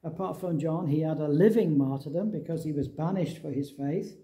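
A middle-aged man from England preaching a sermon, telling a Bible story with lively acted-out dialogue. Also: fairly high pitch, normal speed.

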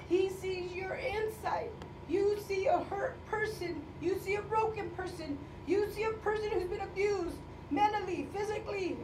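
High-voiced woman pastor preaching. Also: recorded from a distance, background noise. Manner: impassioned, rising to fervent calls, voice breaking with emotion. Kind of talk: sermon. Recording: echoey room, speaker away from mic, faint ambience.

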